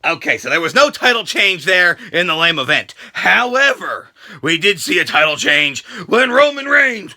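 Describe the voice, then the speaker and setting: Man, wrestling vlogger: high, sharp voice, gravelly, crude and excitable, lively pitch swings. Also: normal speed. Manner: crude, jokey, excitable, shouting outbursts and exaggerated impressions. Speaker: wrestling vlog host. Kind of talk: comedic wrestling show recap.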